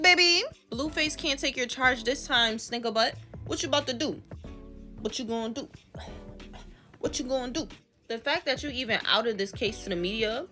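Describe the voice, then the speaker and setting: Bright-voiced ranting woman. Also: a little high. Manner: profane, mocking, ranting. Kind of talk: reaction commentary rant.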